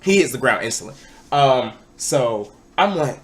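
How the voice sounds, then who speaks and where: A young man vlogging, telling a party story in a casual, excitable way and sometimes shouting out what people said. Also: mid-range voice, measured pace. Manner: animated, excitable, breaks into loud acted-out quotes.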